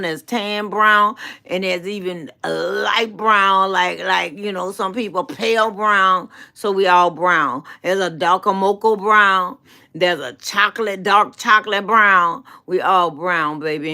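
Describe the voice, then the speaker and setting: A middle-aged woman hosts a live stream, chatting with her viewers in an affectionate, rambling way and calling them baby. She talks slowly and unhurriedly. Her voice is bright and forward, and she mixes in faith-based encouragement. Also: mid-range voice. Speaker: channel host. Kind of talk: casual live-stream chat answering viewers.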